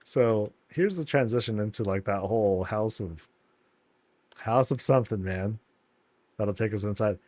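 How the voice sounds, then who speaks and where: A man giving laid-back, amused commentary while touring houses in a video game, often laughing and putting on quick silly voices. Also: on the low side, a little mellow, no room sound. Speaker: streamer touring player housing in a game.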